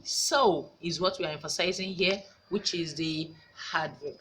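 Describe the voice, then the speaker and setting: Low-voiced woman teaching a grammar lesson. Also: fairly bright tone, slight background noise. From Nigeria. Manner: slow, repeats each example sentence. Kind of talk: recorded class lesson on grammar.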